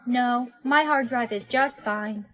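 A woman's text-to-speech voice playing a curious female household robot in a flat, synthetic way. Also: a little high, slow pace, slight background noise.

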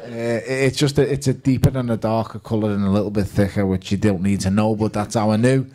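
Quick-paced and fairly low in pitch, a Liverpudlian boxer regales a fan-evening audience as a guest. He animates his anecdotes by quoting himself and the people involved.

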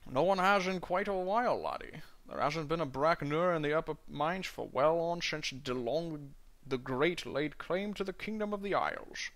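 A man's voice: fairly high pitch, lively intonation, normal speed, fairly bright tone. A man voicing a blunt old male dwarf miner in a mock Scottish accent, stumbling over the lines as he reads. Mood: gruff.

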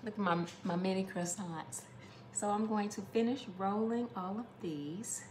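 A woman's voice: medium pitch, measured pace, darkish tone, echoey room, slight background noise. Chatty woman calling viewers honey. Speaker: home cooking vlogger. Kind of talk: casual cooking demonstration.

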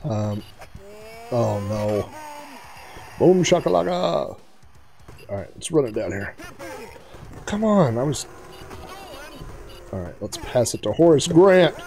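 Gravelly man chatting through gameplay. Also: mid-range voice, a little slow, long pauses, faint music behind. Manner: chatty, excitable, talks to the on-screen players. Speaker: retro gaming video host. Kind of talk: casual gameplay commentary.

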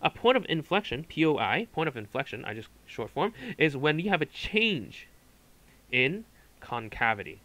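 Bright-voiced male math tutor. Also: fairly high pitch, sing-song, moderate pace, low-quality recording. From Hong Kong. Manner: checks in often with "okay" and "right". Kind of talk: whiteboard calculus lesson.

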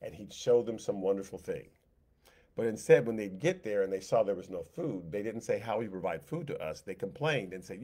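A man teaching a Sunday school Bible lesson in a conversational way, repeating phrases and slipping into quick voiced asides for God and the complaining people. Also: fairly low pitch, animated, warm tone, breathy edge.

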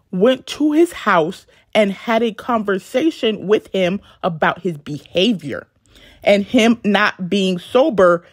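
In studio-quality audio without room sound, a medium-pitched woman narrates a celebrity life story for YouTube. Her chatty style includes casual asides to viewers, and she seems self-conscious about censored words.

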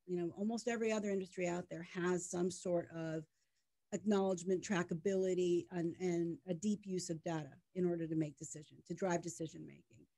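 Middle-aged woman, business guest, animated storyteller, conversational. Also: lowish voice, a little fast. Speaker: media tech startup co-founder, guest. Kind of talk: conversational interview.

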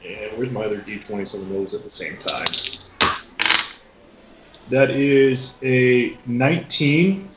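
A man's voice: mid-range voice, measured pace, pauses often, very noisy. A man playing a tabletop game, calling his rolls in a matter-of-fact way. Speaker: player. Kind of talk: casual tabletop play. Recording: roomy dull audio with faint music.

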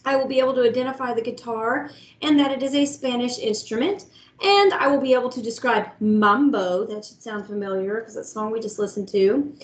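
A woman's voice: a little high, brisk. A woman, a music teacher giving an upbeat online lesson to young children. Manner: upbeat, talks to kids directly with lots of "guys" and "all right".

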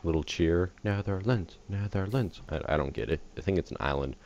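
Tired dude, super deep voice, rambly jokey game commentary, keeps getting distracted, muffled lo-fi recording. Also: male voice, fast, vocal fry, darkish tone. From USA. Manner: rambling, joking, easily distracted. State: tired, just woke up. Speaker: gaming channel host. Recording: dull lo-fi recording with faint hiss.

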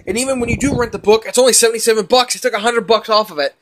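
A man's voice: high voice, steady tone, very fast, noisy background. Frustrated young man ranting. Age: young adult. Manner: frustrated, heavy cursing, rambling. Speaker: gaming vlogger. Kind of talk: ranting while playing a game.

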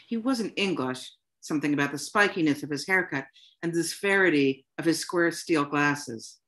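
A woman author reading her own short story aloud to an audience, in a plain, unhurried storytelling manner. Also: sits low. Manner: unhurried, plain storytelling delivery with soft "um" fillers.

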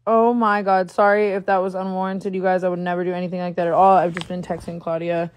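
A woman's voice: fairly low pitch, flat delivery, quick pace, no room sound. A woman talking on a phone livestream, agitated and rambling, swearing often. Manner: agitated, swears a lot, rambling with many likes. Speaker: social media livestreamer. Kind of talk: casual livestream talk.

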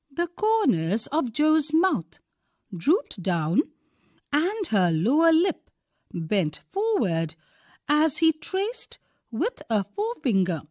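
Slow, expressive Indian woman reading. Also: high voice, no echo, clean studio sound. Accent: Indian English. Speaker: teacher reading a textbook story. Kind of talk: reading a story aloud.

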